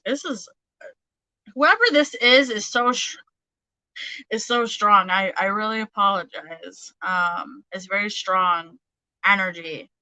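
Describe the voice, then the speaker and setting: A woman's voice: mid-range voice, takes it slowly, sharp tone, no room sound, low-quality recording. A woman giving a casual tarot reading, chatty, with many fillers and frequent laughter. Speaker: tarot reader.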